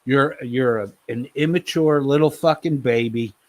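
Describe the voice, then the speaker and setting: A man's voice: medium pitch, unhurried, darkish tone, no echo. A man hosting a live stream, scolding someone in a heated, profane rant and repeating his name.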